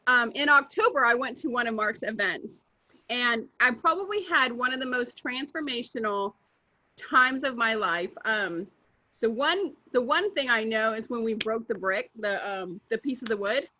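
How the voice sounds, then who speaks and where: A woman co-hosting a morning talk show, telling stories in a lively, animated way and acting out the quotes. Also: fairly high pitch, normal speed, dull audio. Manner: animated storyteller, laughs often, acts out quotes. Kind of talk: casual chat.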